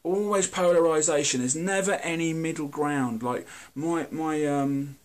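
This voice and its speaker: A British man talking to camera in a candid, earnest monologue, blunt and halting, often restarting his sentences. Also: on the high side. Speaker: video host.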